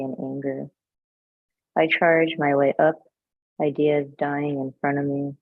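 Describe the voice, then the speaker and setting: A woman poet reading her own poem aloud over a video call, in a measured, declamatory delivery. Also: low voice, gravelly, dry recording. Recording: tinny phone-like line, dry.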